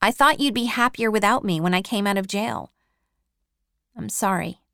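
Remorseful teen boy, soft hesitant apologies, read by a woman in her narrating voice. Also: mid-range voice, normal speed, gravelly, dry recording, studio quality. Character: remorseful teenage boy, quiet and earnest.

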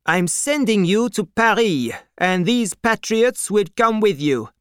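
A man's voice: high voice, expressive, a little slow, clean tone, no room sound, voice pushed up. Brief: narrator putting on stern male revolutionary officials, raised and barking, dry close read. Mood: commanding. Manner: harsh, loud, commanding delivery.

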